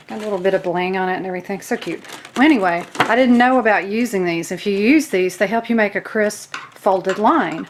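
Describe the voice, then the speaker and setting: A woman with a Southern US accent and a medium-pitched voice hosts a casual crafting video, chatting to viewers in a self-deprecating way as she works. There's slight background noise.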